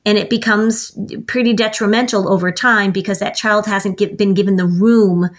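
A woman's voice: mid-range voice, steady tone, normal speed. A woman guest on a podcast explaining parenting advice, acting out little example dialogues as she talks. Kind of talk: casual chat.

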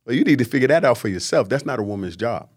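A man, a guest on a podcast, talking in a lively, preachy way and mimicking people he quotes. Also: mid-range voice, racing, husky. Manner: animated, preachy, acts out quotes in mocking voices. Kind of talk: casual podcast conversation.

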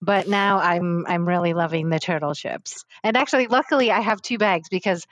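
A woman's voice: lowish voice, fairly quick, dry recording. A young adult woman guest talking casually in an interview, rambling with many fillers and restarts. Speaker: podcast guest.

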